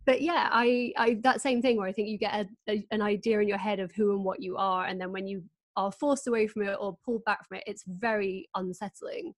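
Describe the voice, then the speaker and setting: A woman in her thirties hosts a relaxed video call and speaks candidly about her own life. She laughs easily and tells her stories quickly. Her voice sits in a middle register and is recorded close, with no room echo. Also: medium pitch. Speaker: host. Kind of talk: casual video-call chat.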